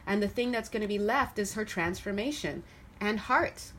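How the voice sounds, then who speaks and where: A woman doing a casual tarot reading to camera, chatty and animated, laughing often as she talks through the cards. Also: mid-range voice, moderate pace, a little hiss or hum. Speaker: tarot reader.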